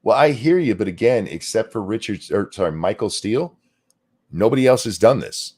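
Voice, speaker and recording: A man's voice: on the low side, expressive, normal speed, a little mellow. A man co-hosting a casual political talk stream, reading out news items with sarcasm.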